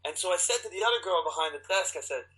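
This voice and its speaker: A man with a bright, forceful voice sitting slightly high for a man, a guest actor in a casual interview. He tells his stories with animated energy and restarts, acting out his own quotes as he goes. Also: very fast, rough recording. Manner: animated storyteller, acts out quotes, many restarts.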